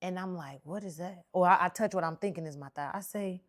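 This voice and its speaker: Animated woman telling a personal story. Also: on the low side, brisk. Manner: animated, chatty retelling with lots of quoted dialogue; informal, slangy speech. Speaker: podcast host.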